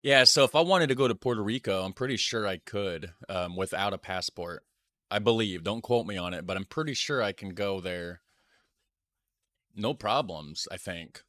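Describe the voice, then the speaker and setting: American man, reaction host, casual commentary, bright tone, dry close sound. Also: lowish voice, normal speed, dry recording. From United States. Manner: chatty, musing aloud and hedging.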